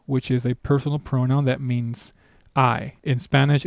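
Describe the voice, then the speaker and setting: A man's voice: medium pitch, level tone, moderate pace, gravelly, dry recording, studio quality. A man teaching a beginner language lesson, explaining patiently in a casual way with small asides. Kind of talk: recorded online lesson.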